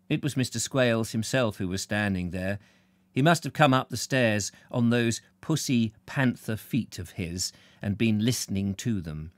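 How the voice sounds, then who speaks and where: A man narrating a novel aloud in a live reading, expressive, correcting his slips as he goes. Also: lowish voice, moderate pace, dry recording.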